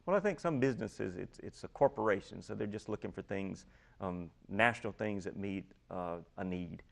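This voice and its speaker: A man explaining his ministry program as a guest in a talk show interview, earnest and steady, often repeating key phrases. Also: fairly low pitch, moderate pace, vocal fry.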